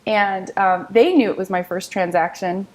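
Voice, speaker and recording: A woman's voice: mid-range voice, moderate pace, poor audio. A woman, a real estate agent in her thirties, telling her career story as an interview guest in an upbeat, storytelling way and acting out what others said. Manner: upbeat, storytelling, quotes others in lively voices. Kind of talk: interview conversation.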